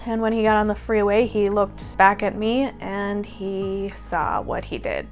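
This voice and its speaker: A woman's voice: mid-range voice, lively intonation, a little slow, soft background music. A woman in her thirties telling a personal story on her vlog in a candid, earnest way, with the odd sigh. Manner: candid, earnest recounting with sighs. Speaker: vlogger.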